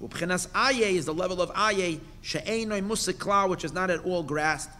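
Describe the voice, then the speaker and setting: A rabbi with a high, bright voice teaching a Torah class, recorded with a long reverb that rings through the hall. He reads out each Hebrew phrase, then explains it in English with emphatic bursts and pointed questions. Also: moderate pace, few pauses.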